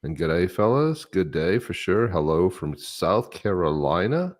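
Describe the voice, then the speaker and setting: A man's voice: low voice, sing-song, unhurried. A man co-hosting a live stream, laid-back, reading out viewer comments and chuckling between them. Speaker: co-host. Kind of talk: casual live-stream chat.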